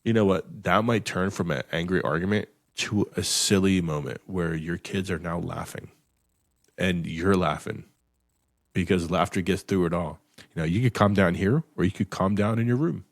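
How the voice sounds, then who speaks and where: Podcast host: man, very low voice, blunt and profane, dry close sound. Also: moderate pace, no echo. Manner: profane, emphatic, repeats words when restarting. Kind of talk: blunt motivational podcast talk.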